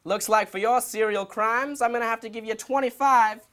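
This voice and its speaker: A man's voice: very high-pitched, fairly even intonation, normal speed, a bit bright. An actor playing a goofy male police detective who keeps telling corny jokes and laughing at them. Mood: cocky. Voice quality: giggly, punning. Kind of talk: sketch comedy acting.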